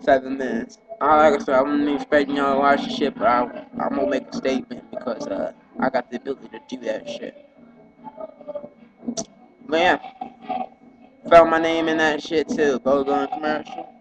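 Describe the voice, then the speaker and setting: A man's voice: mid-range voice, level tone, normal speed, pauses often, poor audio. A man telling a rambling, profane, agitated story in a casual vlog monologue.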